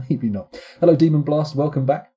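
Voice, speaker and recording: A man's voice: a little high, normal speed, dark tone, breathy edge, lo-fi sound. A man chatting playfully on a live stream, rambling and breaking into vocal sound effects. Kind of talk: casual live-stream chat.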